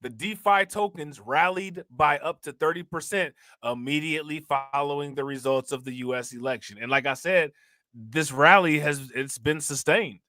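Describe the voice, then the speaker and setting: A man hosting a casual crypto livestream, chatting in relaxed slang, laughing often and thanking viewers for their comments. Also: fairly high pitch, normal speed, no room sound, studio quality. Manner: laid-back slangy talk with frequent laughs. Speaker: crypto channel host.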